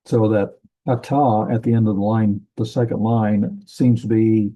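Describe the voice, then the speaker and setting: A man teaching a slow classroom lesson, thinking aloud and correcting himself as he goes. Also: fairly low pitch, fairly even intonation, warm tone, poor audio. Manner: deliberate, thinking aloud with many ums and self-corrections. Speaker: Bible language teacher. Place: church classroom.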